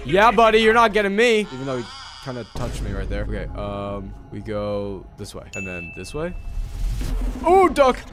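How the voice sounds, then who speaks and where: A young man doing let's play commentary on a horror game, talking to viewers, often yelping and shouting. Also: mid-range voice. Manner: jumpy, yelps and shouts often; talks to viewers, mild swearing. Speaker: gaming commentator.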